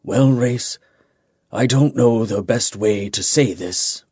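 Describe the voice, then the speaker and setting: A man voicing a teasing, kindly male military commander in an audiobook, speaking low and softly. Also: slow, slightly rough, dry recording, clean studio sound. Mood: solemn. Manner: low, soft-spoken, half-whispered. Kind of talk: audiobook character voice.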